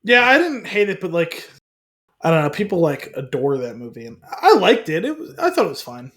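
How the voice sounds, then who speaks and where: Lively, higher-voiced male podcast co-host. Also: fairly quick. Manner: short interjections and brief opinions. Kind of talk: casual chat.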